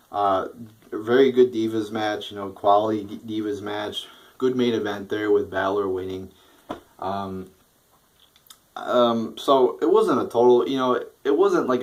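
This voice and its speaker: A young man with a slightly low voice rambles through a casual wrestling review. He swears constantly, fills gaps with ums and likes, and restarts his sentences often. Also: poor audio. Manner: profane, rambling with fillers and restarts.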